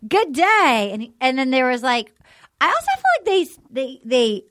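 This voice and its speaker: A woman hosting a casual podcast chat, animated and quick to mimic people in put-on voices. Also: high voice, no echo. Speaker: podcast host.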